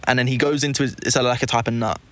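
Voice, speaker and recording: A man, a hypnotist guest, telling an animated story in casual conversation, acting out quotes and swearing freely. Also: mid-range voice, racing.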